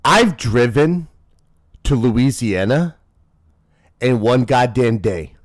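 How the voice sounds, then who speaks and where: A man in his thirties chatting casually on a live stream as its host, rowdy and profane, teasing his chat and swinging between loud shouts and low mumbles. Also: animated, slow pace. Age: 30s.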